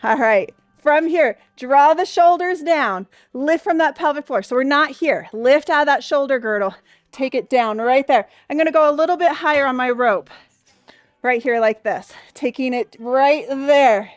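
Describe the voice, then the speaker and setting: A woman's voice: sits high, moderate pace, no room sound, studio quality. A young adult woman leading a Pilates class, cheering and counting reps, a bit out of breath. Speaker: Pilates instructor. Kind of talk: workout class instruction.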